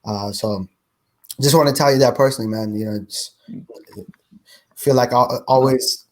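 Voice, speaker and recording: A man's voice: mid-range voice, normal speed, a little mellow. A man hosting a business podcast, talking in an easygoing, conversational way. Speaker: podcast host. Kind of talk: casual interview chat.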